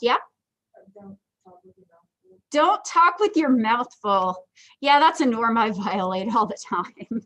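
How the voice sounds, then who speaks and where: Chatty high-voiced woman lecturing. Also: fairly bright tone, low-quality recording. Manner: chatty, joking asides, lots of ums. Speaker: psychology instructor. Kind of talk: casual livestream lecture.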